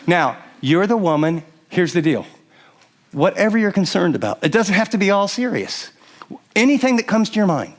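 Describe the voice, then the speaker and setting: An older male pastor with a fairly high voice, preaching in an animated, conversational way. He slips into quick little impressions of spouses talking to each other, stumbling over and restarting his phrases as he goes. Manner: animated, acts out quoted spouses, frequent restarts. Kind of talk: sermon teaching to a live audience.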